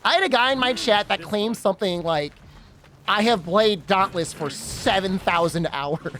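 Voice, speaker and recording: A man's voice: high-pitched, normal speed, pushed and bright, a little hiss or hum. A man streaming a game, chatting casually and rambling, with frequent giggles and teasing. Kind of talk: casual gaming stream chat.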